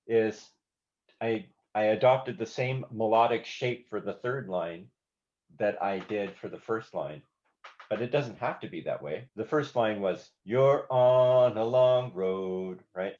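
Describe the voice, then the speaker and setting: A man's voice: on the low side, a little mellow, muffled recording. A man leading a songwriting workshop who talks through lyric lines and sings short melodic examples, humming rhythms with nonsense syllables. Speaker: songwriting teacher. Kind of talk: workshop teaching.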